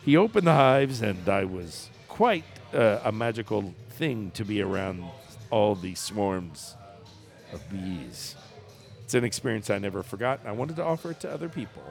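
A man's voice: on the low side, expressive, moderate pace, gravelly, soft background music. A man co-hosting a casual chat, reading a news story aloud in a jokey way and laughing often. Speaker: podcast co-host.

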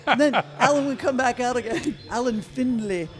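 Animated woman telling a story. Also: on the high side, normal speed. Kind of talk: casual storytelling.

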